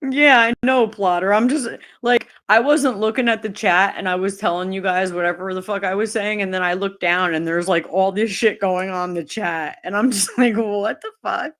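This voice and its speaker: A woman's voice: mid-range voice, moderate pace, hardly any pauses, fairly bright tone. A woman live-streaming, talking casually to her chat, laughing often and swearing freely. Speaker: livestreamer.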